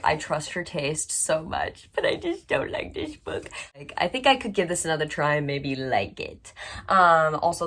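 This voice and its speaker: Young woman, book vlogger, low-pitched but bubbly, chatty, lots of filler words. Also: fairly bright tone. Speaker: book channel host. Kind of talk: casual book vlog chat.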